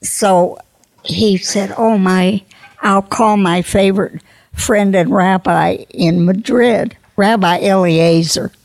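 A woman in her nineties, a grandmother slowly telling old jokes in a folksy, casual way. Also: medium pitch, steady tone, a little mellow, no echo. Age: 90s. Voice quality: creaky. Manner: slow, folksy joke delivery with voiced characters.

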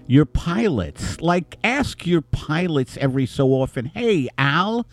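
Slow-talking man riffing in casual chat. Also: fairly high pitch, very animated, darkish tone, no room sound. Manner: rambling, riffs into silly bits.

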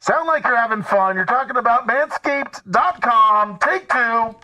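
A man directing a commercial recording on a radio show, brisk and playful as he calls takes. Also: extremely high pitch, expressive, pushed and bright.

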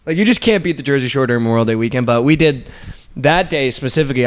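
A young man co-hosting a podcast, chatting casually and telling stories in animated bursts, swearing freely. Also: mid-range voice, smooth. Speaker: podcast co-host. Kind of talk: casual sports chat.

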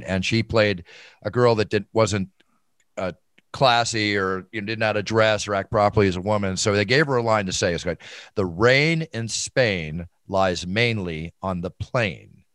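A man's voice: deep voice, dry recording, studio quality. A man hosting a casual interview show, encouraging his guest and laughing easily. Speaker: show host.

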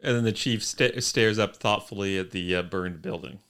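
A man co-hosting a casual podcast recap, talking in a dry, wry way with deadpan asides. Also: on the low side, moderate pace, clean tone. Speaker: podcast co-host.

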